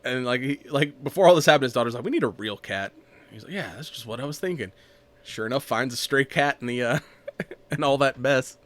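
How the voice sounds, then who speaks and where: A man's voice: medium pitch, fairly quick, fairly bright tone. A man casually recapping a movie on a podcast, rambling, laughing often and acting out the lines. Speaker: podcast co-host.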